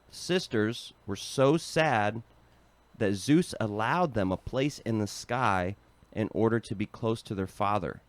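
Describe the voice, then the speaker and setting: A man with an American accent co-hosting a casual podcast, a relaxed storyteller who reads passages aloud. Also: on the low side, dry recording. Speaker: podcast co-host.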